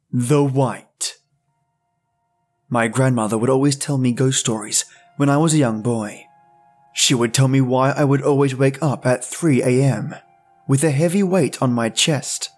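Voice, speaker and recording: A man hosting a podcast, narrating horror stories in a measured, dramatic reading. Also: mid-range voice. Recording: soft music bed.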